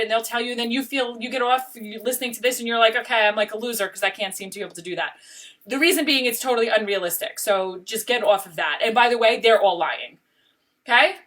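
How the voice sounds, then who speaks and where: A woman's voice: a little high, a bit bright, distant mic. A middle-aged woman life coach giving a casual motivational talk, emphatic and often checking in with "okay?".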